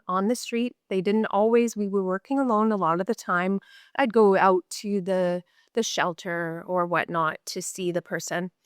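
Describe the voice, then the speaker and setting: A woman's voice: medium pitch, clean tone, no echo, clean studio sound. A middle-aged woman from Canada, a mental health nurse, talking candidly in an interview and repeating words for emphasis. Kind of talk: podcast interview storytelling.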